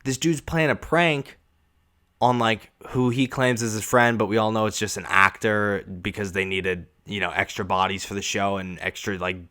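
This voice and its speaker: A man's voice: fairly low pitch, fairly even intonation, normal speed, bright, forceful tone, clean tone. A young man hosting a podcast, ranting casually and sarcastically with lots of profanity. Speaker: podcast host.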